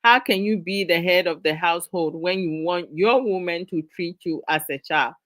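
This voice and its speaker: A middle-aged woman hosts a live discussion stream, lecturing viewers in casual talk with exasperation and frequent laughter. Her voice is lowish and a bit bright, at a moderate pace, with no echo.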